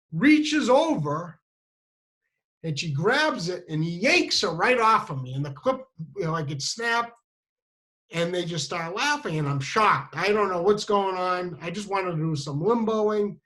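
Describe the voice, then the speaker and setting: A man telling a funny personal story, self-mocking and halting, with many restarts and fillers. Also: sits high, lively intonation, pushed and bright, poor audio.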